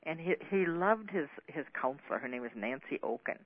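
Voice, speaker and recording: A man's voice: a little high, animated, fairly quick, dry recording. A man who counsels a men's group, telling a personal story in a frank, conversational way. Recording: narrow phone-like radio audio.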